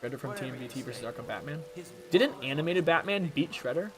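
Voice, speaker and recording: Over music, a young adult gaming challenge streamer talks fast and expressively in a mid-range voice. His commentary while playing is rambling, chatty and self-deprecating, leaping between topics, and his throat sounds a bit strained.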